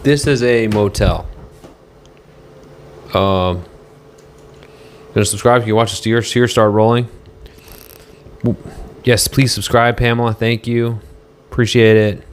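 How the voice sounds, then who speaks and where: A man chatting casually on a livestream from a motel room, rambling and halting as he reads viewer comments aloud. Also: fairly low pitch, fairly even intonation, slight background noise.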